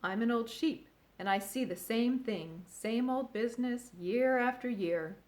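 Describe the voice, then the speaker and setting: A woman voices an old female sheep that speaks bluntly and matter-of-factly. The pitch sits a little above her own natural voice, close to everyday speech, slightly high, slightly slow and somewhat mellow.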